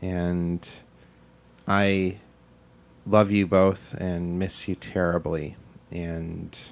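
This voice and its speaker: Male host, very deep, measured, warm chat. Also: little pitch movement, vocal fry. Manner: laughs often, slow and heartfelt. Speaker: podcast host and novelist. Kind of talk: casual chat.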